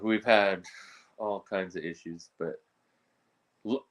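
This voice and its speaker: A man speaking as a reptile breeder guest in a casual podcast conversation, talking in a blunt, animated and exasperated way. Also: low voice, slow, muffled recording.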